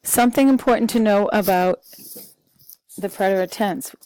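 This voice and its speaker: A woman teaching a Spanish grammar lesson, slowly and patiently reading out vocabulary with translations and a few fillers. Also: mid-range voice, a little mellow, no echo. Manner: slow, patient, talks through vocabulary lists with fillers. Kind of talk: recorded classroom lesson.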